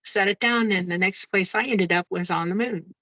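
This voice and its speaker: A woman guest telling her own story in a casual, excitable way, often exclaiming and laughing as she goes. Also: mid-range voice, moderate pace, dry recording, low-quality recording. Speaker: guest, UFO experiencer. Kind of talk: casual first-person storytelling.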